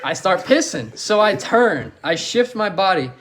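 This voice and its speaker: A man's voice: sits high, unhurried, noisy background. Laughing young man telling a crude story. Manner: laughs through his own story, crude and animated. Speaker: podcast co-host. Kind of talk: casual storytelling among friends.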